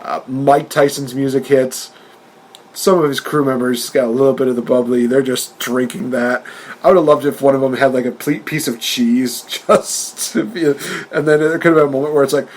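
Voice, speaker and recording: A man's voice: mid-range voice, steady tone, moderate pace. A man co-hosting a podcast in casual chat, retelling events animatedly and often laughing. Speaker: podcast co-host.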